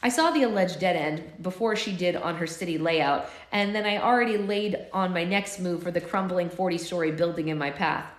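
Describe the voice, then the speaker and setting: A woman reading a novel aloud for an online book club, breaking off into animated, giggly chat. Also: fairly low pitch, normal speed, few pauses. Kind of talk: live read-aloud with chatty asides. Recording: echoey room.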